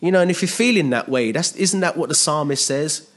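A man's voice: a little high, animated, moderate pace, few pauses, fairly bright tone, husky. A man preaching a sermon as pastor, earnest and emphatic, repeating phrases and asking the congregation rhetorical questions.

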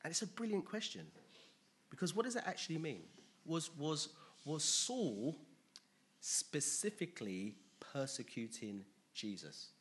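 A man preaching a sermon, emphatic and animated, asking his listeners rhetorical questions. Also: fairly high pitch, a little slow, slight background noise.

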